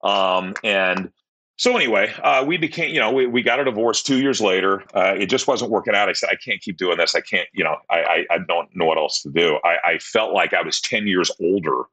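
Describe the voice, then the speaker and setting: A man in his fifties, appearing as a podcast guest, candidly tells his life story in a rambling way, repeating words and livening up whenever he retells conversations. His voice is low-pitched, brisk and sharp.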